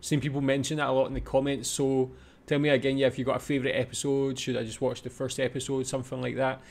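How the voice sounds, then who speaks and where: A man's voice: medium pitch, little pitch movement, quick pace, gravelly, a little mellow. A man hosting a reaction video, talking in casual, rambling commentary and repeating himself. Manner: rambling, repeats "again" and "yeah".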